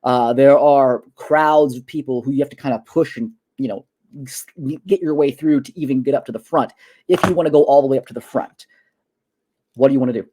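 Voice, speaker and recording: A man narrating as game master in an online tabletop game, halting with many fillers and restarts. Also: medium pitch, warm tone, husky. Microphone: online voice call.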